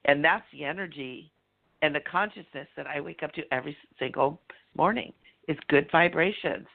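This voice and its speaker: A man co-hosting a casual radio talk show as a medium, bubbly and excitable, full of likes and you-knows. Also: fairly high pitch, moderate pace, creaky. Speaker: co-host and medium. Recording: tinny phone line.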